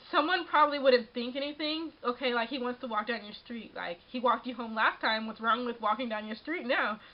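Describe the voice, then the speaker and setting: A young woman telling a story in a casual vlog, animated and exasperated, breaking into laughs and filling her talk with "like". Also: fairly high pitch, muffled recording. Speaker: vlogger.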